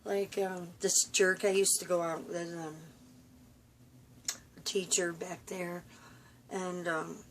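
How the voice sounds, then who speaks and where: Woman with a lowish voice, tired and halting, confiding at home with lots of fillers. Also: little pitch movement, a little hiss or hum. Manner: halting, full of fillers and restarts; weary, confiding. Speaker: vlogger. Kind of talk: rambling personal vlog. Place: room at home.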